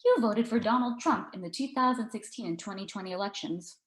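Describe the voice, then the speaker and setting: A woman's voice: medium pitch, brisk, natural voice. A woman voicing a brash, sardonic female TV host, speaking in a mocking, theatrical way in an echoey room.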